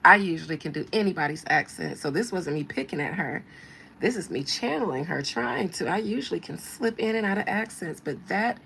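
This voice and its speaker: Gravelly-voiced woman with blunt, slangy commentary. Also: on the low side, animated, brisk, fairly bright tone, slight background noise, poor audio. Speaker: tarot reader and host. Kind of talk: casual commentary.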